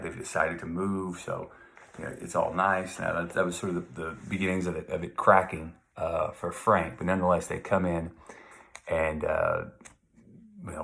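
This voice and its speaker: A man's voice: low-pitched, vocal fry, fairly bright tone. A man teaching a literature lesson to his class, talking in a loose, conversational way, wandering off on asides and reading passages aloud. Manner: conversational, digressive, reads quotes aloud. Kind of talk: recorded literature lecture.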